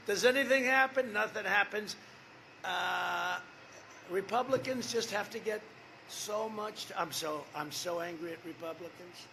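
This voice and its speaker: A man's voice: sits high, unhurried, vocal fry, bright, forceful tone, slight background noise. A man in his seventies giving a campaign rally speech, rambling and repetitive, with off-script asides to the crowd. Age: 70s. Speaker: political candidate.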